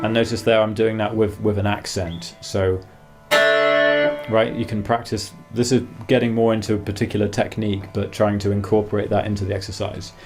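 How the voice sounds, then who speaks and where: A man giving a guitar masterclass, calmly explaining practice exercises and counting beats aloud between demonstrations. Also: on the low side, brisk. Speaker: guitar teacher. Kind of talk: masterclass instruction. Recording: faint guitar music behind. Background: guitar playing.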